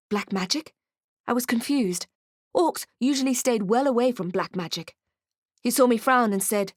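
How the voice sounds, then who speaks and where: Clean studio sound with no room echo carries this woman's mid-range voice at normal speed. She's an audiobook narrator reading scripted first-person text with wry, expressive storytelling.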